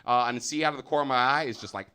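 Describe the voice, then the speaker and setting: A man with an American accent doing live stand-up, loud and profane, with a lot of filler uhs. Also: mid-range voice, rapid-fire, background noise. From United States. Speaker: stand-up comedian. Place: comedy theater stage.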